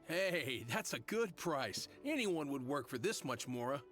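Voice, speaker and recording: A man's voice: a little high, big pitch swings, a little slow, fairly bright tone, soft background music. An actor playing a smug male hired worker in a video game, quoting steep prices and brushing off titles. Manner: boastful, brusque.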